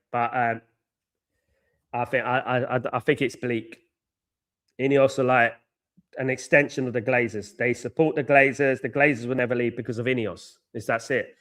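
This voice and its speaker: A man's voice: medium pitch, fairly even intonation, normal speed, long pauses, fairly bright tone. A man hosting a live football watchalong, ranting in a frustrated way, repeating himself often and filling gaps with ums. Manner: frustrated, repetitive ranting with many fillers. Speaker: host of a football fan channel. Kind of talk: live watchalong rant to viewers.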